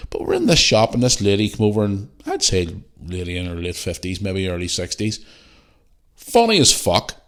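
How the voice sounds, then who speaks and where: A man's voice: lowish voice, wildly swooping pitch, normal speed, fairly bright tone. A Northern Irish man hosting a podcast, ranting bluntly and animatedly with heavy swearing. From Northern Ireland. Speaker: podcast host. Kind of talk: casual podcast rant.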